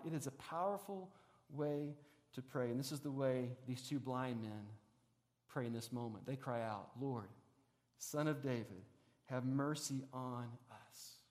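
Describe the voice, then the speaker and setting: A man preaching a sermon as a pastor, moving between raised preaching and soft, hushed reflection. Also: a little high. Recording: long hall reverb.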